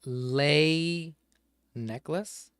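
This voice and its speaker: A streamer plays a crossword game in a casual solo session, muttering through clues, spelling out letters, and occasionally swearing in mild frustration. His voice runs on the high side, a bit bright and smooth, at an extremely slow pace. The sound is clean studio quality with no echo.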